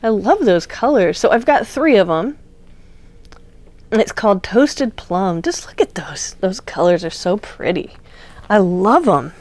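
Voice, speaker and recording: A woman's voice: medium pitch, lively intonation, unhurried, darkish tone, no room sound. A woman hosting a craft channel, chatting casually and gushing as she shows off yarn, with plenty of fillers. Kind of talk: casual unboxing chat.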